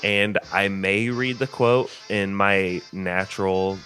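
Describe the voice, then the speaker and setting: A man's voice: deep voice, takes it slowly, pushed and bright, faint music behind. A man with a Northern Indiana accent who hosts a podcast and runs a trivia game with energy, often laughing as he talks. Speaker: podcast host. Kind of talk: casual chat.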